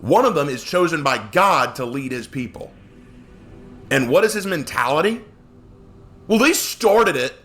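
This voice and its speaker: A man teaching a casual Bible study, expressive and acting out quoted lines in character voices. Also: on the high side, normal speed.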